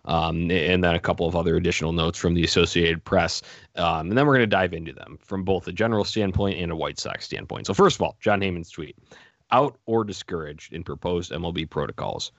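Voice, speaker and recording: Man, very low voice, podcast host, halting with lots of ums, dry muffled mic. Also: no room sound. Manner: hesitant, many ums, wraps up segments. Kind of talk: casual sports chat.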